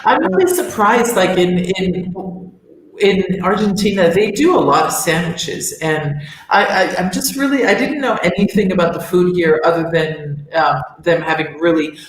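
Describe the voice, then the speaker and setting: A woman's voice: lowish voice, normal speed, slight background noise. A woman co-hosting a casual chat, rambling with many restarts and fillers. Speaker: co-host. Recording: very echoey room.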